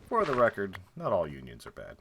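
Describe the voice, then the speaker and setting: A man's voice: low voice, wildly swooping pitch, fairly quick, vocal fry, noisy background. A young man streaming a building game, chatting casually and jokingly, with lots of fillers, and counting blocks under his breath.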